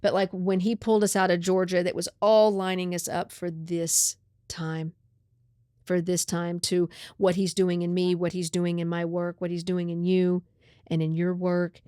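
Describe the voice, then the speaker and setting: A woman's voice: on the low side, moderate pace, clean tone, no echo, studio quality. A woman hosting a podcast, telling a story in casual chat, often saying "right?" and "like". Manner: animated, often says "right?" and "like". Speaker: podcast host.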